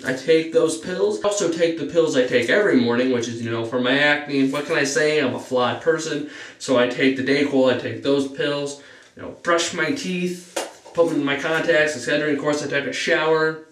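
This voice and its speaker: A teenage boy, his voice a touch high, tells a story in a loose, rambling way, and his pitch shoots up whenever he gets excited. He sits back from the mic in a bare, echoey room. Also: fairly quick, far from the mic. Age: teens. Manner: rambling, fills with "you know"; jumps up in pitch on excited parts. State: stuffy nose. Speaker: vlogger. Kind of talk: casual storytime monologue.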